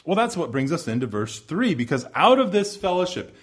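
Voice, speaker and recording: Man preaching, kinda high voice, builds up loud then goes quiet and low. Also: big pitch swings, fairly quick, slightly rough. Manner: emphatic, swelling and dropping to hushed low phrases; repetitive rhetorical build-ups. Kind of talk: sermon.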